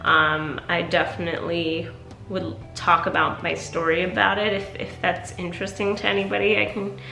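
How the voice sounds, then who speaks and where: A woman's voice: on the low side, flat delivery, moderate pace, vocal fry, pushed and bright, faint music behind. A tired woman vlogging candidly and casually, rambling with lots of fillers. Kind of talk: casual personal vlog talk. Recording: echoey room.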